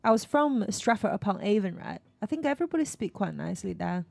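Halting woman in non-native English. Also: medium pitch, lively intonation, vocal fry, warm tone, no echo. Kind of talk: casual chat.

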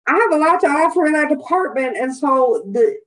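Animated young woman telling stories, high voice. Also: a little fast, poor audio. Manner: rambling, animated storytelling with frequent swearing and laughter. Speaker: podcast co-host. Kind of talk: casual chat.

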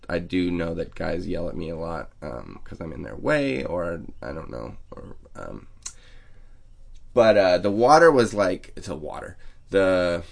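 A man's voice: deep voice, gravelly. A man telling a rambling, profane, self-mocking story as a podcast host. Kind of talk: casual storytelling monologue.

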